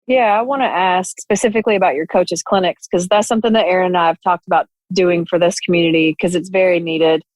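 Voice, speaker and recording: A woman's voice: lowish voice, fairly even intonation, fast, hardly any pauses, darkish tone, no echo, low-quality recording. A woman co-hosting a podcast who also coaches, asking long, thoughtful questions in a casual way. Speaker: podcast co-host, youth coach.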